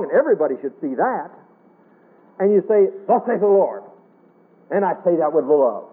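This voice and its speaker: A man preaching a sermon in a folksy, earnest way, rising and falling as he quotes scripture. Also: slightly rough. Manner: folksy, earnest preaching with wide swings in pitch. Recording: tinny phone-line radio broadcast.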